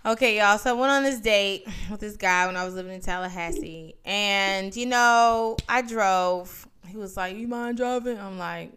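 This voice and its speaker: A woman's voice: mid-range voice, moderate pace, hardly any pauses, fairly bright tone, clean tone. A woman co-hosting a podcast, telling a story in casual chat and acting out the dialogue with slang. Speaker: podcast co-host.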